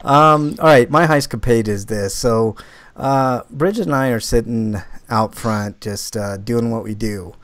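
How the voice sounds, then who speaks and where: Rambling podcast host, dry close sound. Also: male voice, mid-range voice, unhurried, no room sound. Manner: rambling, filler-heavy, animated when retelling stories. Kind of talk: casual podcast chat, movie reviews.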